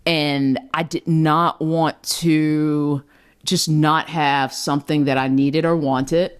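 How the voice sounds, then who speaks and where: A woman co-hosting a podcast, telling a childhood story in casual chat, animated and laughing, acting out family voices. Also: deep voice, slow, smooth. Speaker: podcast co-host.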